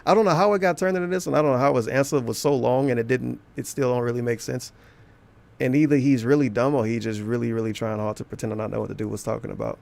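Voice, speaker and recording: A man's voice: medium pitch, steady tone, quick pace, creaky, darkish tone. A man giving sarcastic, blunt reaction commentary over a stream clip, mocking the streamer.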